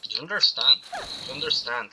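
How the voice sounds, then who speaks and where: A man's voice: medium pitch, expressive, fairly quick, sharp tone, slight background noise, poor audio. A man giving rambling, opinionated commentary while he plays a video game, often restarting his sentences. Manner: opinionated, meandering monologue with restarts. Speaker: gaming streamer.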